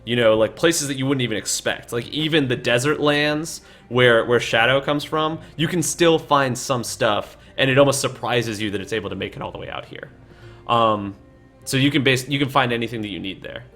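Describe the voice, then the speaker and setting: A man's voice: mid-range voice, moderate pace, a bit bright, faint music behind. A man running a tabletop game as dungeon master, narrating casually with lots of fillers and offhand swearing. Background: faint game soundtrack.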